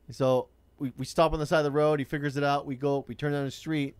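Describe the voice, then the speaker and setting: A fast, blunt man spins a profane story from his driving days, his voice sitting a little high for a man. The sound is dry and close, with no room around it. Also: flat delivery, clean tone, no room sound. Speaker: rideshare driver telling a story. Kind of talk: casual storytelling chat.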